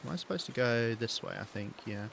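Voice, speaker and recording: A man's voice: mid-range voice, expressive, a little fast, creaky, fairly bright tone, a little hiss or hum. A British man streaming a survival game, rambling and thinking aloud as he plays, with many ums and restarts. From Britain. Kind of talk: live gameplay commentary.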